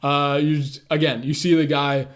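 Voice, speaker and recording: A man's voice: a little high, level tone, moderate pace. A man giving casual advice on conversation skills, talking loosely with lots of filler words. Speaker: communication tips creator. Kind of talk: casual instructional talk to camera.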